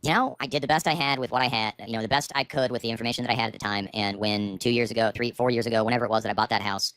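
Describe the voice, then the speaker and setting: A middle-aged man livestreams from his seat at home, ranting bitterly and profanely about his life into a streaming microphone with auto gain. His medium-pitched voice is steady in tone yet racing, a bit bright, clear and resonant. The sound is clean studio quality with no echo.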